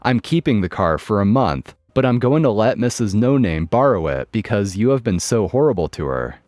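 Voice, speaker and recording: A man's voice: on the low side, sing-song, moderate pace, a little mellow, no echo, studio quality, soft background music. Bossy entitled mother, read by a man. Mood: domineering. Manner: domineering, indignant.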